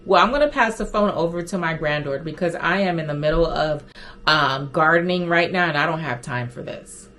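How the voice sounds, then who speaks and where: A woman mimicking a young scam caller who is faking an old grandmother's voice, high and evasive. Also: fairly quick, fairly bright tone, slight background noise. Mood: dismissive.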